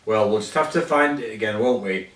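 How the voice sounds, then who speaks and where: A man voicing a cheerful, kind little storybook man with a bright, cheery manner. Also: lowish voice, a little fast, recorded from a distance, pitched below the performer's own voice, natural voice. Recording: echoey room, voice away from mic.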